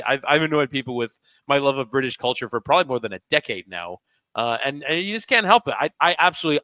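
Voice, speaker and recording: A man's voice: fairly high pitch, bright, forceful tone, dry recording, low-quality recording. A man who works as a soccer broadcaster, chatting enthusiastically as a guest and restarting his sentences often. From United States. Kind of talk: casual phone-in chat.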